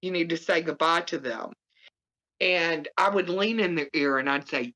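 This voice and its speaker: Woman telling a hard personal story. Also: pushed and bright. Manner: halting, many fillers and restarts. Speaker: guest. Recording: muffled low-fidelity audio.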